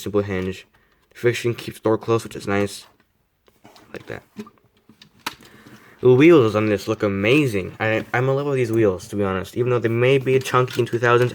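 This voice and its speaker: A teenage boy with a slightly low voice talks his way through a model car review. He rambles, restarts his sentences and jokes at his own expense in a casual vlog manner. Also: moderate pace, long pauses. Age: teens. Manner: rambling, self-deprecating, many fillers and restarts.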